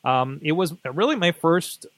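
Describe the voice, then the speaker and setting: A man's voice: a little high, lively intonation, unhurried, a bit bright, no room sound. A man hosting his own podcast, talking casually in a rambling way with many fillers and restarts. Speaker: podcast host. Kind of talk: casual solo monologue.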